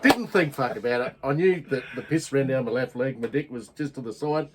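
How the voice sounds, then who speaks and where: An Australian man swaps crude, laughing anecdotes in a loose conversation. His voice sits at an ordinary middle pitch. He talks plainly and swears freely. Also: animated, brisk, noisy background. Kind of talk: casual chat.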